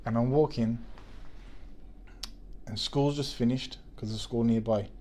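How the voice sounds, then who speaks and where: A man's voice: mid-range voice, fairly even intonation, measured pace, dark tone. A man, chatting on a podcast and telling a story with many restarts. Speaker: podcast co-host. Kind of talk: casual chat.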